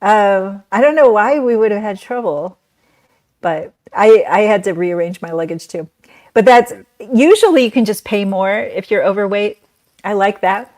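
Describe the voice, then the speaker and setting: A woman hosting a casual live-stream travel chat as a travel advisor, relaxed and quick to laugh. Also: medium pitch, dry recording.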